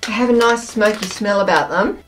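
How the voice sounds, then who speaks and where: A young woman chatting casually in a taste-test vlog, bubbly and gushing, breaking into excited squeals. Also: medium pitch, fairly quick, slight background noise. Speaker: food taste-test vlogger.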